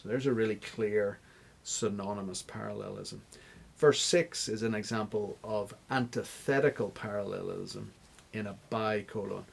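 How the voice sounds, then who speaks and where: A man's voice: lowish voice, fairly even intonation, a little slow, gravelly, slightly rough. A man answering interview questions as a guest scholar, explaining step by step like a teacher. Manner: teacherly, stops to spell out examples.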